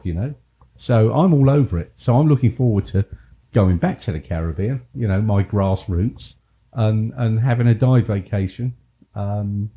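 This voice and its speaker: A man's voice: medium pitch, dark tone. A man with an English accent co-hosting a podcast, talking casually, teasing his co-host and laughing often. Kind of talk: casual chat.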